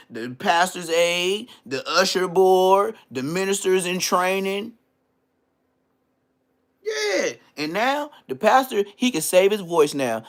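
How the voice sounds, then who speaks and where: A man from Southern California hosting a livestream, ranting in a casual, comedic way with stammered restarts and frequent throat clearing. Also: a little high, fairly bright tone. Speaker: livestream host.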